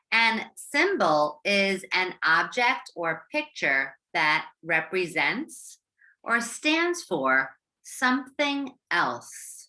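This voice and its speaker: Female teacher, American accent, bright and lively delivery, unhurried phonics lesson for young kids. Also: fairly low pitch. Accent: American English. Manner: encouraging, stretches out sounds and syllables. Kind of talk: slow, clear classroom instruction for young learners.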